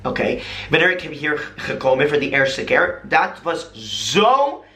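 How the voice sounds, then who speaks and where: A man's voice: a little high, sing-song, a little slow, bright, forceful tone. An American man talking casually to camera, telling stories animatedly and dramatically and switching into imitated voices. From United States. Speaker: vlogger. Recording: echoey room.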